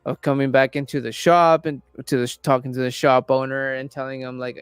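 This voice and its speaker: A young man in casual chat, rambling and swearing a lot while retelling a story with animated energy. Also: mid-range voice, fairly quick, hardly any pauses, clean tone, no echo, clean studio sound. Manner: acts out quoted characters in raised voices. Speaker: podcast host.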